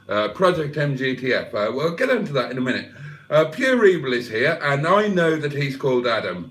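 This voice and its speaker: A man's voice: mid-range voice, fairly bright tone. A man, hosting a casual livestream, reading out comments and swearing freely with self-mocking humour. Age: 50s. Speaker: livestream host.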